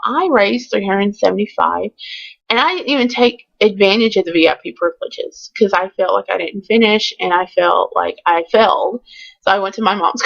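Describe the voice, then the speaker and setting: A woman's voice: medium pitch, creaky, a bit bright, dull audio. A woman telling a candid, chatty storytime in a casual vlog. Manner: chatty and candid, with many ums. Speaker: vlogger.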